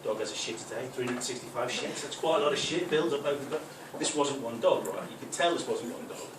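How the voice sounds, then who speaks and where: A man's voice: mid-range voice, quick pace. A man doing a live stand-up set, rambling and conversational with lots of "right?" asides. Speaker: stand-up comedian. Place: football club function room, live audience. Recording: echoey room from far off, noisy.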